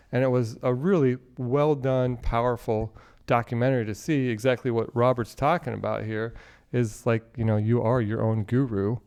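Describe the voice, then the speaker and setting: A young man with a smooth, mellow voice tells a story in casual chat. He is animated and uses lots of fillers, and he speaks on a video call. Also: mid-range voice, fairly quick. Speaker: group participant.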